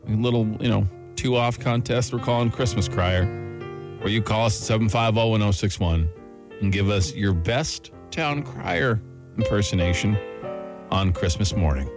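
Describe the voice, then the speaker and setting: A man's voice: on the low side, moderate pace, music in the background. A man hosting a morning radio show, chatting and laughing casually with co-hosts and callers.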